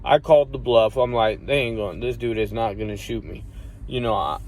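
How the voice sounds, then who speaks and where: A man's voice: medium pitch, a little fast, a little hiss or hum. Profane rambling man telling a story. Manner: profane, rambling, acts out quoted voices loudly. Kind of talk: casual storytelling.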